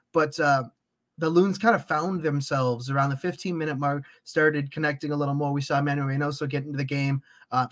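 A man with an American accent hosting a casual sports podcast, using many fillers and restarting phrases. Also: a little high. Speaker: podcast host.

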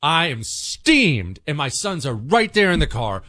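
A middle-aged man hosting a talk radio show, telling stories in an animated, emphatic way with self-mocking asides. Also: on the high side, unhurried.

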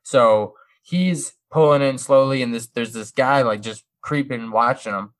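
Animated man telling a casual story. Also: mid-range voice, a little slow. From Brooklyn family roots. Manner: animated, swears freely, acts out dialogue.

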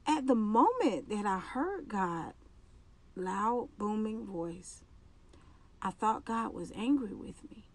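A woman hosting a podcast, giving an earnest personal faith testimony and speaking haltingly, with restarts and repeated phrases. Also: mid-range voice, expressive. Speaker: podcast host.

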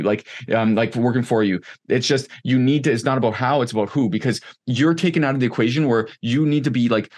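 A man in his thirties speaks as a guest in a relaxed conversation. His pitch sits in the middle of the range, and his speech is frank and loose, full of "like" and the occasional swear word. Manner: candid, rambling, heavy use of "like", occasional swearing. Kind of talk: casual conversation.

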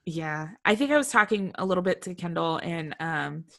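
A woman's voice: on the low side, lively intonation, normal speed, creaky, sharp tone. A woman co-hosting a podcast in casual, giggly chat, with many fillers. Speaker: podcast co-host.

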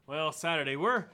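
Man, podcast co-host, bright crisp voice, easygoing dry replies. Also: a little high. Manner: laid-back, dry short replies. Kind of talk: casual podcast banter.

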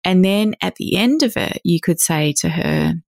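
A gentle woman talks through parenting advice on a podcast. Her voice sits a little low, and she slips into the voices of parents and children as she explains. The sound is dry and close. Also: animated, normal speed, no echo. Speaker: parenting expert.

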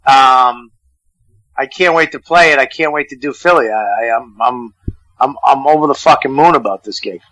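A man's voice: mid-range voice, moderate pace, rough recording. A man, a comedian guest, telling profane stories in a casual radio chat. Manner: profane, animated storyteller. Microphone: phone call-in.

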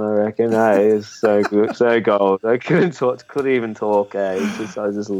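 A man's voice: on the low side, steady tone, normal speed, few pauses, darkish tone, highs cut off. A young Australian man telling rambling, laughing stories as a guest on a podcast. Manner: laid-back, rambling, laughs through his stories. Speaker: spearfishing guest. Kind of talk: casual storytelling in a podcast interview.

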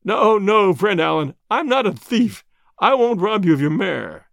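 A man voicing a boastful, mocking rich man who brags loudly about himself in a storybook reading. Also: sits high, very animated, unhurried, vocal fry, dry recording, studio quality, exaggerated voice. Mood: bragging. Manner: swaggering and mocking, laughing at others.

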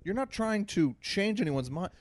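A man's voice: high voice, lively intonation, normal speed, dry recording, clean studio sound. A man co-hosting a podcast, telling stories in an exasperated, casual way. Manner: storytelling, exasperated. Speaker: podcast co-host. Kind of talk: casual chat.

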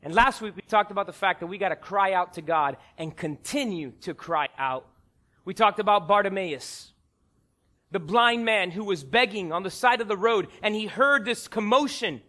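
A pastor in his thirties preaching a sermon, animated and acting out voices in his stories. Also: high-pitched, normal speed.

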